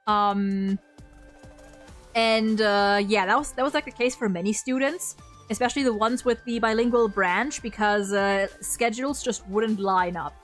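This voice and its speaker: A woman's voice: medium pitch, unhurried, soft background music. A young woman from Germany with a slight German accent, chatting casually on a live stream in a rambling way, with lots of fillers and free swearing.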